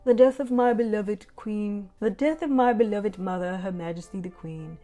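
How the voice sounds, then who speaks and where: A woman's voice: mid-range voice, normal speed, mellow, natural voice. A woman putting on a posh British accent to voice an older king reading a solemn statement.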